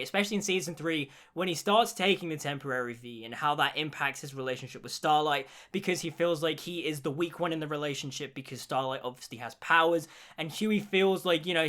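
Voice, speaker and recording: A man's voice: fairly high pitch, a bit bright. A young man giving an enthusiastic spoken review of a TV series, gushing with praise. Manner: gushing, repeats "genuinely". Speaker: show reviewer.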